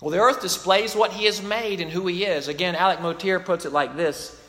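A man's voice: high voice, brisk, a bit bright. A man preaching a sermon in an earnest, emphatic way, often restarting his sentences, in a church. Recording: long reverb of a large hall.

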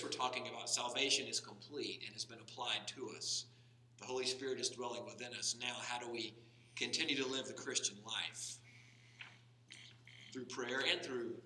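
A pastor preaches a sermon in a church sanctuary, speaking conversationally with frequent restarts and building to emphatic stress. His mid-range voice is bright and forceful, with slight background noise, recorded from far off in an echoey church hall.

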